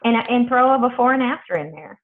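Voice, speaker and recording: A woman's voice: fairly high pitch, lively intonation, fast talker. A woman coaching her team on a video call, chatty and blunt, swearing freely. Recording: tinny phone-like video call audio.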